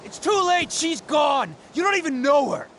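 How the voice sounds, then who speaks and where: A volatile, menacing game tough. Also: male voice, medium pitch, expressive, moderate pace, gravelly, slight background noise. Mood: enraged. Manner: menacing, erupts into shouting. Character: volatile, suspicious adult male drug dealer. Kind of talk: video game voice acting.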